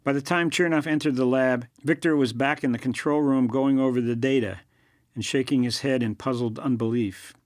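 A man reading a thriller novel aloud in a measured, plain scripted narration. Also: mid-range voice, fairly even intonation, no echo, clean studio sound. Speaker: audiobook narrator.

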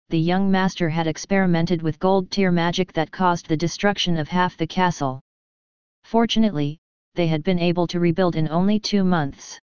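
Woman, audiobook narrator, steady storytelling, smooth resonant voice, dry close studio mic. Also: on the low side, dry recording. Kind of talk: scripted narration.

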